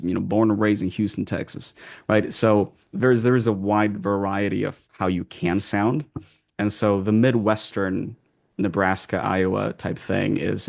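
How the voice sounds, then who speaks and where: Interviewed as an accent coach, a man speaks in a low, gravelly, slightly mellow voice. He rambles through his answers, restarting phrases and leaning on fillers.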